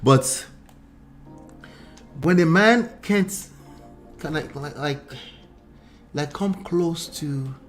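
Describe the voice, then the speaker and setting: A man, a relationship coach and host, giving animated commentary in an exclamatory, teasing way full of rhetorical asides. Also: fairly high pitch, extremely slow, pauses often, soft background music. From Nigeria.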